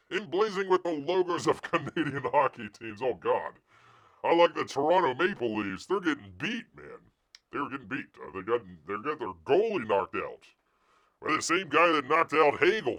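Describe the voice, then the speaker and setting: A man hosts a casual live news stream, reading articles aloud and breaking in with sarcastic jabs. His pitch leaps and drops often, and he keeps slipping into mocking voices for the people he talks about. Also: a bit bright. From United States.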